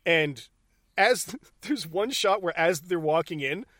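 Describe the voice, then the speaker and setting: Male podcast co-host, raised pitch, dry close sound; profane, laughing retelling of film scenes. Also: expressive, a bit bright, no echo. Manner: profane, laughing, acts out scenes in quick bursts. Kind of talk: casual movie chat.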